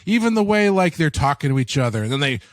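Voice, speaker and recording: A man's voice: on the high side, sing-song, fast, dry recording. A man co-hosting a podcast in a rambling, casual review chat, swearing now and then. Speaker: podcast co-host.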